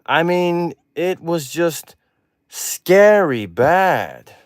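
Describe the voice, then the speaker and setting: A haughty British talent-show judge draws out cutting verdicts, in a man's put-on British accent. The voice is pitched above the man's own and stays smooth and clear. The sound is dry and close. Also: animated, drawn-out words, no room sound. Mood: withering.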